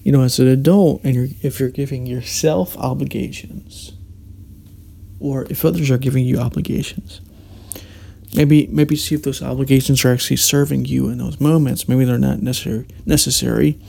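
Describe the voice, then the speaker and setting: Male podcast host, deep fry in the voice, soft warm tone, musing solo talk full of restarts. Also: steady tone, moderate pace. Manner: meandering, many restarts and hesitations. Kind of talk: reflective solo monologue.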